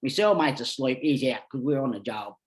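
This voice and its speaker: A brisk, mid-range male voice belongs to a middle-aged Australian podcast guest. He wanders through spirited anecdotes in easygoing conversation, swearing nonstop.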